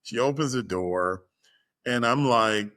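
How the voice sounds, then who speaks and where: Guy telling a story, animated, does voices for the people in it. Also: medium pitch, slow. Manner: animated, acts out quoted voices. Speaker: guest storyteller. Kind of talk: casual storytelling.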